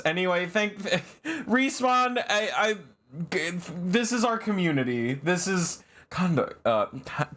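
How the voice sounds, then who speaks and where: A man streamer chatting casually on a live stream, rambling with fillers and laughs, and often jumping to high, shrieking protests. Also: big pitch swings, slow pace, fairly bright tone.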